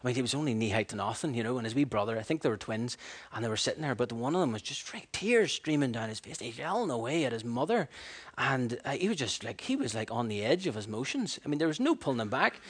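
A man preaching a sermon, animated and storytelling, acting out voices and laughing at his own stories. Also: medium pitch, quick pace, breathy edge.

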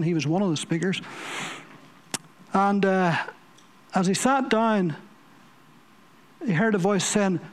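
A man preaching a sermon, telling stories vividly and repeating words for emphasis. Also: sits high. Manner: vivid storytelling with emphatic repetition.

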